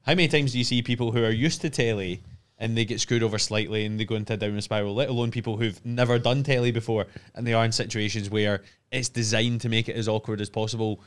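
A man's voice: lowish voice, fairly even intonation, fast talker, clear, resonant tone. A man co-hosting a podcast in casual chat, who mostly chimes in with short agreements. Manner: mostly brief agreeing interjections.

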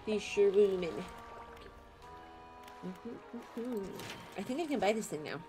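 A young adult woman streaming a game, chatting playfully with viewers, giggling and squealing as her pitch swoops up and down. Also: expressive, slow, pauses often, mellow, faint music behind. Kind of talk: casual live-stream game commentary.

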